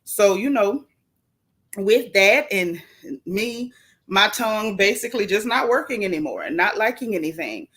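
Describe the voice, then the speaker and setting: A woman hosting a casual gossip livestream, chatty and animated, greeting viewers from the chat with swooping, playful emphasis. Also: medium pitch, unhurried, husky.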